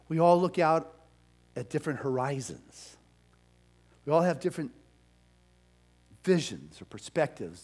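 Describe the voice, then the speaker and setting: Middle-aged guy preaching a sermon, kinda high voice, goes quiet then loud when he makes a point. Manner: storytelling, swings between soft asides and loud emphatic peaks. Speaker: pastor.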